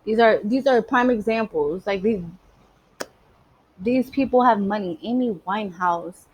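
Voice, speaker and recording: Woman, casual monologue, blunt and streetwise, medium pitch. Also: a little slow, breathy edge, muffled recording. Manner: emphatic, streetwise, swears freely. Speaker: spiritual vlogger.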